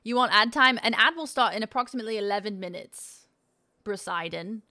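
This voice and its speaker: A woman's voice: medium pitch, a little fast, bright, forceful tone. Playful, swearing woman streamer. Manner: playful, swears casually, laughs often. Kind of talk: casual live-stream chat.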